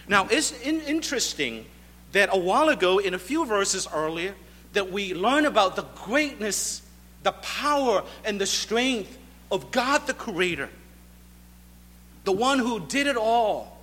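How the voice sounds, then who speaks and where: Slow, bright-voiced male preacher. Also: high-pitched, sing-song, long reverb tail. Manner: emphatic, repeating rhetorical questions. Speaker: pastor. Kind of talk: sermon.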